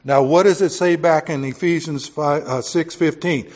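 A man preaching a sermon to his congregation in a folksy way, swinging from loud emphatic points to quiet offhand asides. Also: on the high side, normal speed, hardly any pauses, muffled recording. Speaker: pastor.

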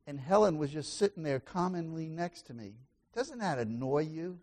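A man preaching a sermon as pastor, asking the congregation questions and swinging between loud exclamations and quiet asides. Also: on the high side, lively intonation, normal speed.

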